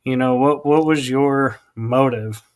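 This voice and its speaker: Man, podcast host, unhurried speech, smooth voice, thoughtful questions. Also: mid-range voice. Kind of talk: interview conversation.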